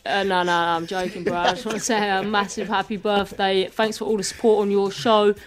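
A woman's voice: mid-range voice, flat delivery, fairly quick, soft background music. A woman recording a laid-back, joking birthday message.

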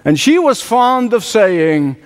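A man preaching with a high, very animated voice that swings from emphatic declarations down to low, hushed asides. His sermon rings out in a hall with a long reverb trailing each phrase. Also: slow pace. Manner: emphatic preaching, sudden drops to low quiet tones. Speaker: pastor.

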